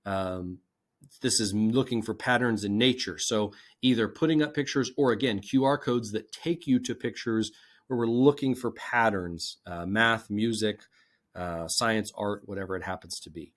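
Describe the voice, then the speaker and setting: Guy with a lowish voice walking teachers through a class activity, chatty and step by step. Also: normal speed. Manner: conversational, explains step by step. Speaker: teacher presenter. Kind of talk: instructional presentation.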